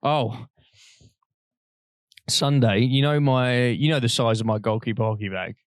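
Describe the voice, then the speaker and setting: A young man spins a loose, laughing anecdote on a casual podcast. His voice sits at a middling pitch and is recorded close and dry, with no room around it. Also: a little slow, clean tone, no room sound. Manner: rambling, animated anecdotes with frequent laughter. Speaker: podcast co-host. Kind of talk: casual storytelling chat.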